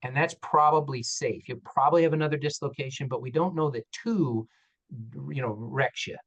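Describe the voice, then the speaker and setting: A man's voice: medium pitch, moderate pace, poor audio. A man, an orthopedic surgeon, tells stories in a panel discussion, candid and self-deprecating, acting out the dialogue as he goes. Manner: animated, acts out dialogue in quotes.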